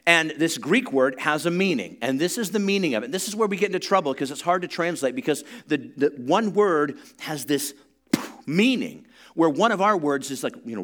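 A pastor preaching to his congregation, moving from conversational teaching into loud, rising emphasis and leading call-and-response. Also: fairly high pitch. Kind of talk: sermon.

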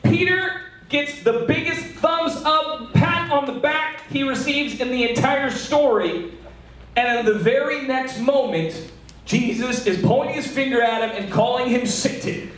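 A man preaching a sermon as pastor, animated and joking, acting out quotes. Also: very high voice, a little slow. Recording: echoey hall, mic from far off.

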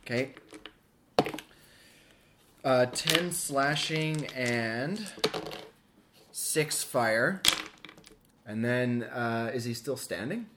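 A man playing a tabletop game casually, excitable and calling out his rolls. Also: medium pitch, very slow, long pauses. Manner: excitable, shouts out at big rolls. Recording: noisy home recording.

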